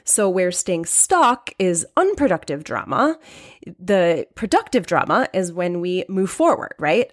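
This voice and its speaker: A woman hosting her own podcast, talking earnestly in a conversational way, often repeating key lines for emphasis and adding "right?" asides. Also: on the low side. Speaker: podcast host. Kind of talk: solo podcast talk on decisions.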